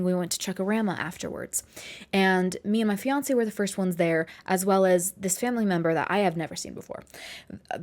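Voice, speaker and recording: Chatty young woman, lowish voice. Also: darkish tone. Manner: chatty, rambling, with asides and self-corrections. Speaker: vlogger. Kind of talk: casual storytime vlog.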